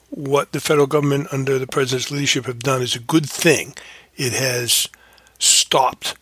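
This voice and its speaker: A man's voice: mid-range voice, fairly bright tone, slightly rough, no echo. A man hosting a casual commentary, rambling and correcting himself often with fillers. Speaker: podcast host.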